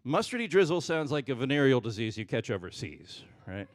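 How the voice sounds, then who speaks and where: A man doing a stand-up comedy set on a stage microphone, jumping between loud punchlines and muttered asides. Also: medium pitch, very animated, a little fast, no room sound.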